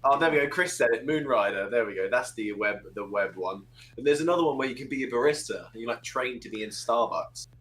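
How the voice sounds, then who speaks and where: A man in his thirties, a guest on a casual podcast, relaxed and quick to laugh. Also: medium pitch, rough recording. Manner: laid-back, laughs easily. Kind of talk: casual chat.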